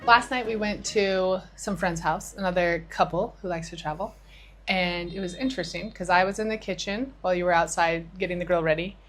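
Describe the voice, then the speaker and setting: A woman's voice: fairly low pitch, a little fast, a little hiss or hum. A middle-aged woman co-hosting a podcast, chatting and retelling a conversation with a friend, with a few restarts. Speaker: podcast co-host. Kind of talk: casual chat.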